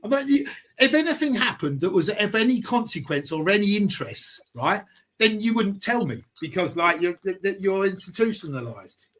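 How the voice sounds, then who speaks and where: A man hosting a live stream, arguing heatedly, swearing and firing rapid rhetorical questions. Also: high voice, very animated, a bit bright.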